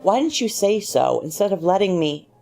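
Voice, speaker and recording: A woman reading as a quiet, withdrawn wife. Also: mid-range voice, big pitch swings, moderate pace, gravelly. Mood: guarded. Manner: quiet, without emotion. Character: withdrawn, flat-voiced wife, middle-aged woman. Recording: faint music underneath.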